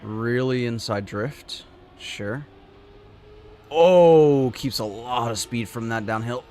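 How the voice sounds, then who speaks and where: A man live-streaming a racing game, reacting with excited, swearing, laughing commentary as he plays and chats. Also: medium pitch, takes it slowly, slight background noise. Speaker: gaming streamer.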